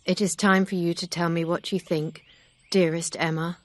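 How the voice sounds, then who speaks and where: A gentle, sincere older gentleman from a storybook speaks plainly and earnestly, read by a woman. The voice is low for a woman and stays close and dry. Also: little pitch movement, moderate pace, no echo, natural voice. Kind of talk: audiobook character reading.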